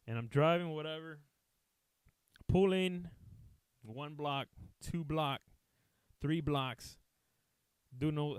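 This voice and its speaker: A man with a slightly high voice tells a rambling comic story, swearing freely and acting out each person's lines. He slips back and forth between English and Spanish, and the close mic sounds dry, with no room around it. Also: clean tone, no room sound. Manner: profane, animated, acts out quotes, switches between English and Spanish. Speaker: podcast host telling a story.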